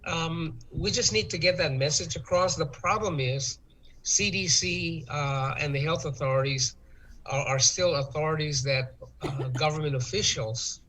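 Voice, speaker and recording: A man's voice: fairly high pitch, fairly bright tone, slightly rough, rough recording. Hesitant man full of ums. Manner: hesitant, lots of ums and uhs, measured. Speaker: interview guest, tourism official. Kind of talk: talk-show interview.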